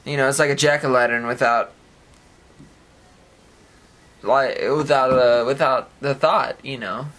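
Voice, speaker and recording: A man's voice: medium pitch, fairly even intonation, normal speed, fairly bright tone. A man giving a rambling solo monologue on his own podcast, now and then acting out imagined voices with sound effects. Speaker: podcast host.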